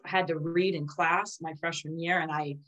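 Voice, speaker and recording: A woman's voice: low voice, fairly even intonation, moderate pace, a bit bright, poor audio. A young woman co-hosting a casual talk. She recounts childhood memories candidly and openly, in an easy conversational voice that often breaks into light laughter. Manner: candid, laughs while telling stories.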